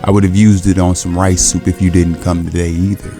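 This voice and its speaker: A man's voice: low-pitched, little pitch movement, a little fast, over music. A man voicing a friendly, pushy male cook in a comic recap, reading his lines plainly.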